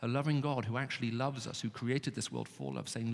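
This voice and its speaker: A man giving an expressive talk to students, his voice rising sharply when pleading. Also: mid-range voice, a little fast, creaky. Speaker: Christian speaker. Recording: reverberant hall.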